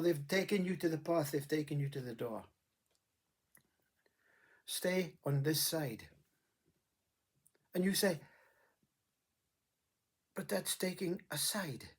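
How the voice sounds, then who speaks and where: Husky breathy guy musing about surrender, halting, repeats himself a lot. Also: fairly high pitch, a little mellow. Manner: halting, reflective, repeats words. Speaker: spiritual speaker. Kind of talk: spiritual monologue.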